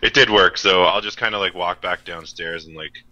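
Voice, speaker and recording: A young man plays a tabletop game, hesitant and stammering, with laughs breaking through. His voice is fairly low and very bright. The recording sounds dull and lo-fi. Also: normal speed, dry recording. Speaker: player. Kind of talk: tabletop role-play.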